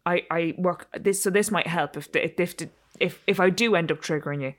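A woman co-hosting a casual chat, telling a story in an animated way and acting out voices. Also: fairly low pitch, brisk.

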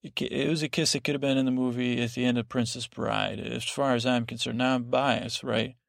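Man, very gravelly fry, drowsy meandering talk, sleep podcast host, dry close mic. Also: medium pitch, steady tone, fairly quick, dry recording. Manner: meandering, digressive, with many restarts and fillers. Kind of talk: rambling sleep podcast episode recap.

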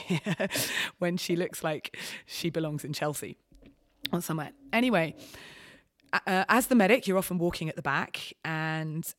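A woman's voice: low voice, no room sound, studio quality. Candid woman medic telling a story. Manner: hesitant storytelling with frequent ums and restarts. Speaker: expedition medic guest. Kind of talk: candid anecdote in conversation.

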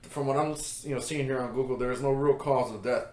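A man co-hosting a podcast in casual chat, relaxed, reading out what he is looking up. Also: medium pitch, quick pace, reverberant. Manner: relaxed, reads facts aloud while looking them up. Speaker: podcast co-host.

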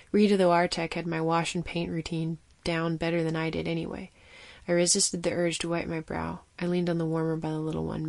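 Woman reading a story out, low voice with gravel in it, steady and vivid. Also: dry recording. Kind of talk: scripted narration of a fiction story.

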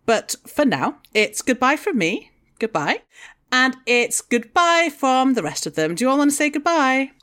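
A woman's voice: sits high, very animated, normal speed, a bit bright. A woman hosting a podcast, thanking her guests cheerfully and signing off the episode. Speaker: podcast host. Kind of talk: casual chat.

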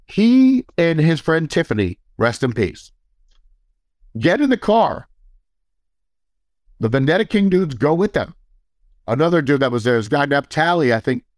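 A man's voice: on the high side, no room sound, clean studio sound. A man casually telling a long, profane story, acting out quoted dialogue and laughing as he goes.

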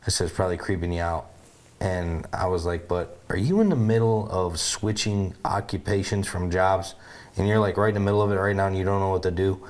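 An American man co-hosting a faith podcast, telling animated, rambling stories in casual chat and often saying "you know what I mean". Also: deep voice, a little fast. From United States. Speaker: podcast co-host.

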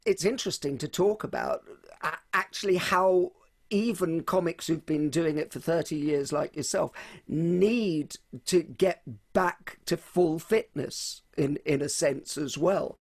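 A man's voice: a little high, measured pace. A man hosting a podcast interview, asking curious, probing questions. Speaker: podcast host.

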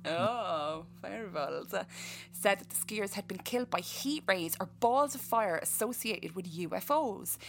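A woman's voice: mid-range voice, lively intonation, normal speed, a little hiss or hum. An Irish woman co-hosting a podcast, reading out a case and breaking off to joke and chat. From Ireland. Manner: reads case notes then riffs with jokes. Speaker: podcast co-host. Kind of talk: casual storytelling chat.

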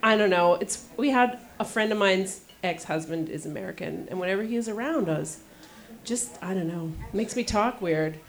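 A woman with a Canadian accent co-hosting a live comedy podcast, chatting in a lively, giggly way. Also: medium pitch, normal speed. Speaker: podcast co-host. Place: comedy club stage before a live audience.

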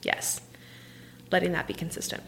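A young adult woman on a live stream, giving casual motivational coaching. She talks warmly, restarts often and laughs at herself. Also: moderate pace, a little hiss or hum.

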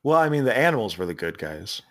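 A man's voice: lowish voice, big pitch swings, fast, a bit bright. A man with a Philadelphia accent, co-hosting a casual movie podcast and retelling the plot in a rambling way, laughing and restarting often. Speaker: podcast co-host. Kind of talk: casual movie recap chat.

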